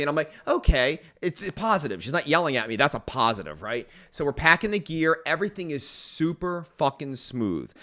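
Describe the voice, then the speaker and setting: Profane male podcast host, lively bright voice, yells out his quotes. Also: mid-range voice. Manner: profane, animated, acts out quotes loudly. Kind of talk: crude storytelling chat.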